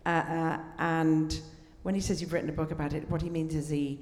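A woman's voice: sits low, flat delivery, a little fast, a little mellow. A middle-aged woman from Scotland, a guest on a live comedy podcast, telling bawdy stories with plenty of swearing. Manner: bawdy, brash storyteller, swearing. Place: theatre stage before an audience. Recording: echoey live theatre.

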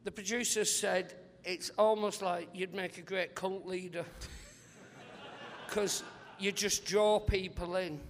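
A male comedian guest on a live podcast interview, telling rambling, animated anecdotes and acting out other people's voices. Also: sits high, slow, in a large hall, a little hiss or hum.

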